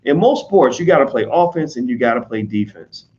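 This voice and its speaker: A man with an American accent talking casually to his audience, blunt and profane, slipping into quick mimicry of other people. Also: mid-range voice, lively intonation, a little mellow, muffled recording. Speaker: online commentator on business. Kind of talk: casual unscripted monologue.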